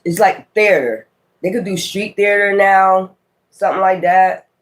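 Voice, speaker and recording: A man gives a loose, casual tarot reading, thinking out loud and breaking into sudden exclamations. He speaks, in a fairly high voice for a man. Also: measured pace. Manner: musing aloud, exclamatory asides. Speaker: tarot reader.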